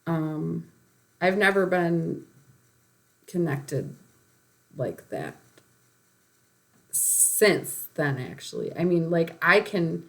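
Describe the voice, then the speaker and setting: A woman's voice: lowish voice, expressive, very slow, gravelly, long pauses. A woman telling a personal spiritual story in a rambling way, with many fillers and short laughs.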